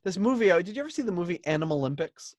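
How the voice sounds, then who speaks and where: A man's voice: high voice, animated, very fast, darkish tone, dry recording. Chatty man with a dry close sound. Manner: chatty and rambling, laughs easily. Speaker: podcast host. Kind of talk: casual album review chat.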